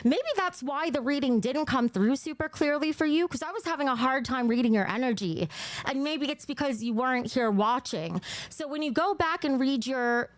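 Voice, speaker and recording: A woman's voice: sits high, lively intonation, moderate pace, no echo. A young woman giving tarot readings on a live stream, talking casually and chatting with viewers between cards. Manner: chatty, reads viewer names and pulls cards aloud. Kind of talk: casual livestream chat.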